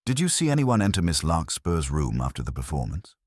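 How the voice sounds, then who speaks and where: Man playing a measured, probing detective, very deep, dry sound. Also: sing-song, slightly rough, dry recording, full character voice. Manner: terse, measured questioning. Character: calm probing male detective.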